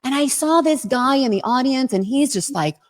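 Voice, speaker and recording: A woman's voice: high voice, expressive, normal speed. A woman hosting a livestream interview in an enthusiastic manner, repeating her phrases, heard over a video call. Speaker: host.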